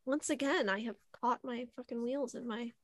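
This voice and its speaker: A woman's voice: fairly high pitch, normal speed, dry recording, studio quality. A woman in casual chat with fellow tabletop game players, rambling with fillers and easy swearing.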